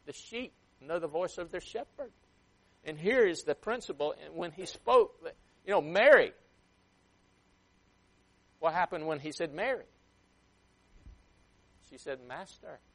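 A man preaching a sermon with emphatic swings in loudness and pace, sometimes acting out a parent scolding a child. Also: a little high, animated, unhurried, long pauses. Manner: emphatic, rising and dropping sharply for effect.

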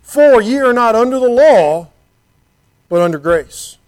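A man's voice: very high voice, lively intonation, measured pace, darkish tone. A man preaching a sermon in an earnest, conversational way, asking his listeners rhetorical questions and reading scripture aloud. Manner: reads scripture in King James wording.

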